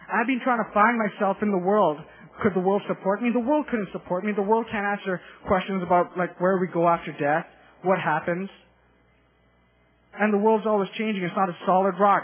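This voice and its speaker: A young man giving an emotional personal testimony at a live church conference, earnest and repetitive, building in intensity. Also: high voice. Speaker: youth testimony speaker. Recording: tinny, phone-like live recording.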